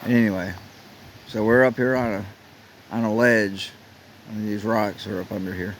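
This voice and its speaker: A man filming a relaxed, rambling camping vlog at an outdoor campsite on a handheld camera. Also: on the low side, normal speed, low-quality recording. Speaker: vlogger. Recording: faint outdoor noise.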